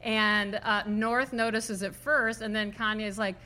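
A woman's voice: mid-range voice, fairly even intonation, unhurried, bright, forceful tone. A woman co-hosting a casual podcast chat, telling stories animatedly and laughing often. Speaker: podcast co-host.

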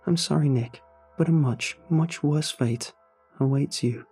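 A man's voice: measured pace, a little mellow, slightly rough, faint music behind. A man voicing a dead mother's eerie ghost. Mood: cold, ominous. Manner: cold and unwavering, rising pitch.

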